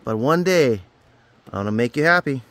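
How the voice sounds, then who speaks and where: A man's voice: medium pitch, expressive, normal speed, a bit bright. A man vlogging from an outdoor summer camp, rambling in an upbeat, self-deprecating way as a camp counselor. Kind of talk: casual vlog talk to camera.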